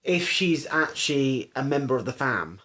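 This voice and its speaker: A man's voice: medium pitch, big pitch swings, normal speed, bright, forceful tone. A man co-hosting a podcast, chatting casually about a TV series with blunt opinions and playful quips. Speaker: podcast co-host. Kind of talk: casual chat reviewing a TV series.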